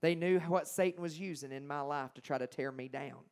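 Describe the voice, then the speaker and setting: A young man shares his testimony with a congregation, dramatic and emphatic. His voice sits a little high for a man and swings between loud bursts and near-whispers. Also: fairly quick, clear, resonant tone. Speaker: Christian singer-songwriter giving his testimony. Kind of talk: personal testimony storytelling.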